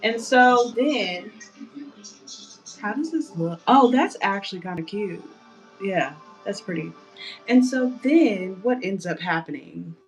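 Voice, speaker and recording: A young woman casually retelling a story on a livestream, chatty and animated, with playful outrage, painting her nails as she talks. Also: medium pitch, slow pace, faint music behind.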